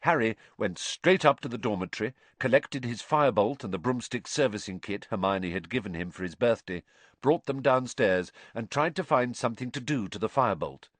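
A middle-aged man narrating an audiobook in a measured, expressive way. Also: mid-range voice, dry recording. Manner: expressive, measured, varied intonation.

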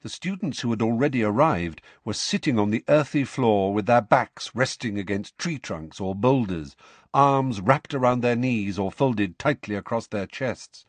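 A man narrating an audiobook in an expressive, varied storytelling manner. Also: mid-range voice, moderate pace, no echo. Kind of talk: scripted narration.

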